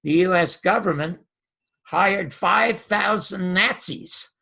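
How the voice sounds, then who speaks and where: Gravelly older male storyteller. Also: sits high, slow pace. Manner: lively anecdotal storyteller, acts out dialogue. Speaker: guest, former TV host and comedian. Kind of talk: animated storytelling interview.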